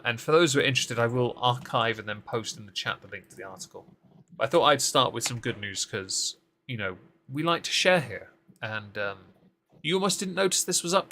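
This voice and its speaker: A man's voice: medium pitch, bright, forceful tone, a little hiss or hum. Sarcastic man riffing on politics. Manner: sarcastic, mocking asides. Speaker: co-host of a political recap show. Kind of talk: casual live-stream political commentary.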